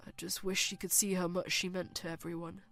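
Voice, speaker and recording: A woman voicing a grieving grown son who speaks in a soft, breaking whisper. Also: on the low side, flat delivery, fairly quick, no echo, soft background music, voice pushed down. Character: grieving grown son at his mother's funeral.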